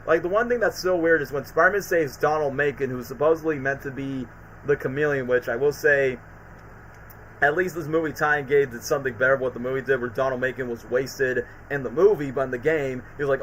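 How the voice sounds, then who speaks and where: Bright-voiced man rambling on a casual stream. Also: fairly high pitch, a little hiss or hum, rough recording. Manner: rambling, fast, peppered with "like" and "bro". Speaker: streamer and channel host. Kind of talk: casual commentary livestream.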